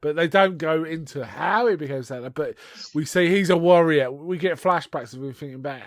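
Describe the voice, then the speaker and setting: A man's voice: medium pitch, dry recording, studio quality. Chatty man retelling a film. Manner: rambling, animated retelling with laughs and restarts. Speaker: podcast co-host. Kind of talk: casual chat reviewing a film.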